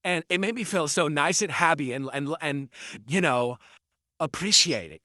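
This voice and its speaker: Gloating streamer man, bright dry voice. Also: on the high side, lively intonation, a little slow, dry recording. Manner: mocking, gloating toward trolls; rambling, self-justifying monologue. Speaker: livestreamer reading viewer tips. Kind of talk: casual stream chat.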